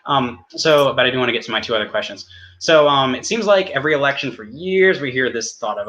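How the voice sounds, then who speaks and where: A man from the United States cross-examining his opponent in an online debate, talking quickly with many restarts. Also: mid-range voice, lively intonation, pushed and bright, highs cut off. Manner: rapid, halting, many restarts.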